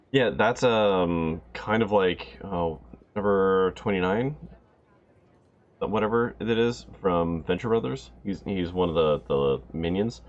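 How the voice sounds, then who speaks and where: A man's voice: low voice, slow, dull audio. A man casually talking through a video game, rambling and reading its dialogue aloud. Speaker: let's play host. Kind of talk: casual gameplay commentary and line reading. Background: game music.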